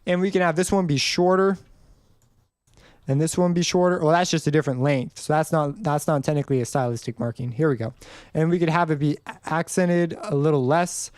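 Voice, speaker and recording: A man's voice: a little high, steady tone, fairly quick, a little mellow, no room sound, clean studio sound. A young man casually explaining music theory in a tutorial, rambling a little and singing short notes to demonstrate. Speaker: music composition teacher. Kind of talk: screen-recorded tutorial.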